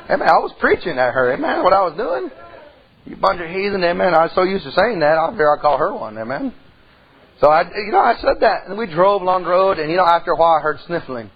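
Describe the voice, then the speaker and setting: A man's voice: on the high side, big pitch swings, fairly quick, lo-fi sound. A middle-aged man, preaching a sermon in a church and telling a personal story in a folksy way. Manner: folksy storytelling preacher, swings from loud to hushed. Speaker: pastor.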